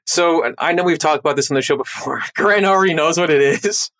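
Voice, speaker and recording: A man hosting a podcast, telling stories in a casual, animated way. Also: fairly high pitch, a little fast. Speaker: podcast host. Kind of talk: casual chat.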